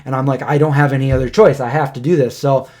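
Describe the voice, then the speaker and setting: A man's voice: medium pitch, steady tone, fast, darkish tone. A man in his thirties co-hosting a casual livestream podcast, rambling through a personal story and acting out what people said. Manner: rambling storyteller, acts out quotes. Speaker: podcast co-host.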